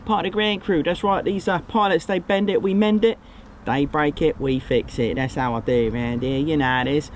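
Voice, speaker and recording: A man's voice: a little high, steady tone, brisk, a little hiss or hum, natural voice. A man voicing a cheeky ground-crew mechanic who cracks jokes and uses rhyming slang. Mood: cheeky, boastful. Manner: jokey, with rhyming slang and "innit".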